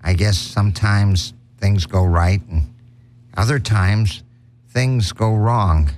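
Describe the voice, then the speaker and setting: Campy sequined showman pianist, vain and fawning, slow and unhurried, put on by a man. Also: lowish voice, darkish tone. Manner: campy, fawning greetings and punchlines. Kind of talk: comic impression monologue.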